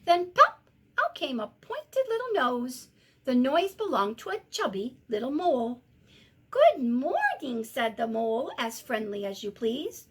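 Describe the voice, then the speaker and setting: A middle-aged woman, a teacher, reading a children's picture book aloud in an expressive sing-song way. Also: sits high, a little slow, slightly rough.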